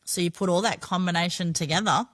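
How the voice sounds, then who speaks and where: A woman's voice: lowish voice, fairly even intonation, fast talker, fairly bright tone. A middle-aged Australian woman telling her own story as a podcast guest, frank and chatty, swearing freely. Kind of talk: candid personal storytelling.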